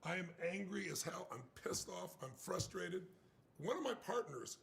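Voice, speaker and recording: An older man telling a story in an emphatic, animated way. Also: high voice, normal speed, creaky. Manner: emphatic, acts out quoted voices.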